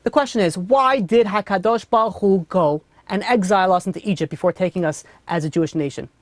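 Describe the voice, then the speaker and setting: A man preaching a story-driven sermon at a quick clip, the words tumbling out with restarts and "you know" fillers. The recording is dry and close, with no room echo. He sounds like a rabbi telling a tale to his listeners. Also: sits high. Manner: rapid, restarts often, heavy use of "you know".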